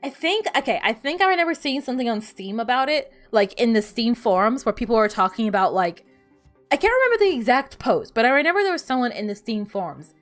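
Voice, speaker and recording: A woman's voice: on the high side, big pitch swings, fast, soft background music. A woman streamer chatting casually while playing a game, rambling and laughing often. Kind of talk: casual gaming stream chat.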